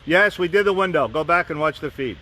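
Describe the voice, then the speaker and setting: A man's voice: fairly high pitch, expressive, a little fast, bright, forceful tone, a little hiss or hum. A man live-streaming from a phone outdoors, rambling casually with frequent restarts and asides. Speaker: vlogger and fan group host.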